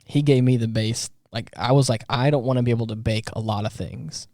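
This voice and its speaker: On a podcast, a man co-hosting a casual chat rambles with lots of fillers and restarts. His mellow, mid-range voice holds a steady tone at a slightly fast pace, recorded at studio quality with no room sound.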